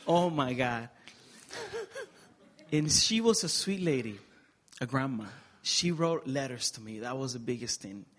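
Speaking at a measured pace with long pauses, a middle-aged Dominican man shares his life story as an interview guest. His medium-pitched voice is animated and fairly bright, and his testimony is earnest and emotional, lightened by bits of humor.

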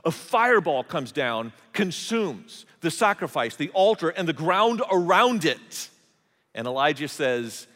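A man's voice: fairly high pitch, big pitch swings, unhurried, fairly bright tone. A male pastor preaching a sermon, telling the story conversationally with humorous asides. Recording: long hall reverb.

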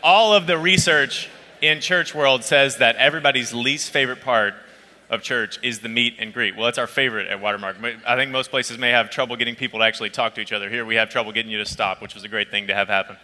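A man preaching a sermon as a pastor, telling a personal story in a conversational, lively way. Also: medium pitch, fast, long reverb tail. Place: church auditorium.

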